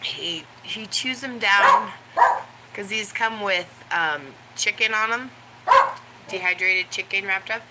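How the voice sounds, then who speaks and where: Slow-talking woman chatting live from home. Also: medium pitch. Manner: rambling, coos baby talk to her dog between chat. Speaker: livestream host chatting with viewers. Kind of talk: casual live chat. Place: at home with her dog. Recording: loud background noise with dog sounds. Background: dog barking.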